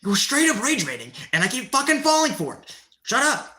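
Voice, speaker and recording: A woman's voice: fairly high pitch, wildly swooping pitch, brisk, sharp tone. A woman livestreaming a workout, ranting heatedly and profanely at her chat, winded from exercise. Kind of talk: livestream chat while working out.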